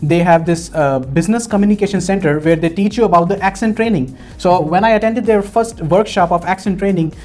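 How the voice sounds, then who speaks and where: A man's voice: high-pitched, brisk, few pauses, a little mellow. A young man from Punjab with an Indian accent, earnestly telling his story as an interview guest, often repeating words as he searches for phrasing. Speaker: graduate student guest. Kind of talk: casual interview.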